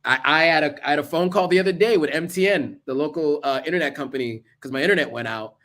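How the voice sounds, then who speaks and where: A man's voice: on the high side, fast, fairly bright tone. A man giving earnest, casual advice to camera, listing tips with asides along the way. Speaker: vlogger.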